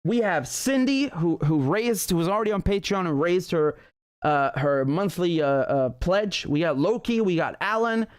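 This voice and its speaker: Angry, high-voiced man ranting. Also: lively intonation, moderate pace, clean tone, no echo, clean studio sound. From Britain. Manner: heated, profane ranting with frequent restarts. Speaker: political commentary show host. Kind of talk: livestream political commentary.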